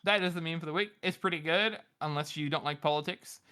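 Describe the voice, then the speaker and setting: A man's voice: on the high side, quick pace, sharp tone, smooth. A man co-hosting a book podcast in loose, casual chat, laughing often and swearing freely. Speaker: podcast co-host.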